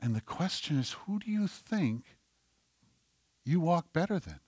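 A male pastor preaching a sermon, animated, swinging between forceful delivery and near whispers. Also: fairly high pitch, measured pace, slightly rough, no room sound, clean studio sound.

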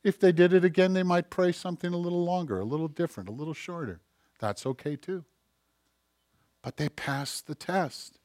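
A man preaching a sermon, acting out voices and swinging between loud emphatic lines and hushed asides. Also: high voice, normal speed, dry recording, clean studio sound. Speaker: pastor.

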